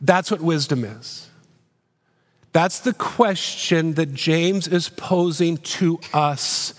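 High-voiced preacher in a hall. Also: male voice, takes it slowly. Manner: earnest, emphatic preaching with repeated rhetorical questions. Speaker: pastor. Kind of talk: sermon.

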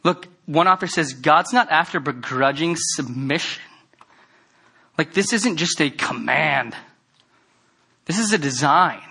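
Bright-voiced, earnest male preacher. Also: on the high side, animated, a little slow, vocal fry, pauses often, slightly rough. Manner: earnest, conversational preaching that swells into loud emphatic bursts. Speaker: pastor. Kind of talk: sermon.

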